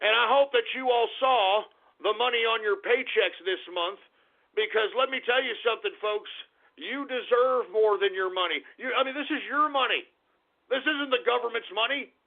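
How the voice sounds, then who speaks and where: A man hosting a talk radio show, ranting crudely and insulting his critics, sometimes shouting. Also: extremely high pitch, normal speed, vocal fry. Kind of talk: angry talk radio rant. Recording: tinny phone-like lo-fi radio.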